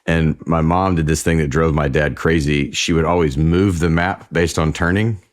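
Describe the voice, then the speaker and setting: A man in his forties with a very deep, low voice, the guest on an interview show. He tells family stories in a relaxed, conversational way, sometimes restarting his sentences. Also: moderate pace. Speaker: singer-songwriter guest.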